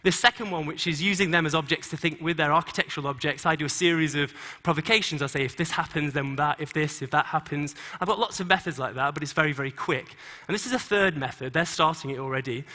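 Bright-voiced man coaching dancers live. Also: fairly high pitch, long reverb tail. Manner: calls out rhythmic sound cues and quick instructions; encouraging, energetic coaching. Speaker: choreographer. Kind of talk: live stage talk, directing dancers. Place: conference stage before an audience.

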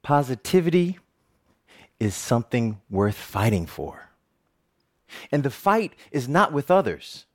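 A middle-aged man tells his own story to an audience in an animated, joking way, often laughing at himself. His voice sits in an ordinary male pitch and swings widely up and down as he goes. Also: a little slow, long pauses. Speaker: TV presenter giving a talk. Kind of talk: personal storytelling talk.

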